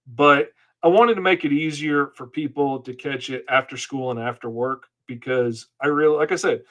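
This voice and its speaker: A man's voice: medium pitch, normal speed, a bit bright, muffled recording. Rambling, chatty male comic artist. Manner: rambling, chatty, self-deprecating, answers viewers' comments. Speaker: comic artist hosting a live drawing lesson. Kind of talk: casual live-stream chat while working.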